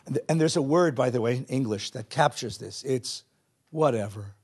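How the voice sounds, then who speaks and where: Husky-voiced man teaching a lively class. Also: mid-range voice, fairly quick. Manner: animated, questions the audience, drops Hebrew and Yiddish words. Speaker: teacher of a Jewish text class. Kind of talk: lively teaching to a live audience.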